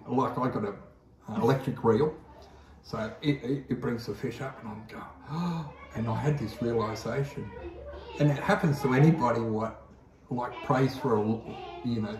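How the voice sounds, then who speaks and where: A man's voice: medium pitch, fairly even intonation, normal speed, far from the mic, noisy background. A man with an Australian accent telling a story in a casual, rambling way, often repeating himself. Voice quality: rambling, repeats words, lots of "I says". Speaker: guest telling his testimony. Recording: echoey room, voice off-mic.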